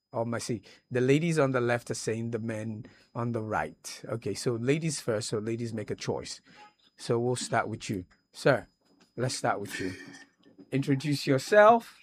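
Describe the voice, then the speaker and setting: A man hosting a radio talk show in a studio, speaking in a measured, emphatic way and calling on his guests one by one. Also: medium pitch.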